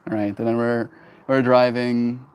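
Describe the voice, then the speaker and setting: A young man in his twenties talks to his stream in an animated, emphatic way. He tells a story and laughs often. His pitch sits in an ordinary middle range. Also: unhurried, clean tone. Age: 20s. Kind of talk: casual livestream storytelling.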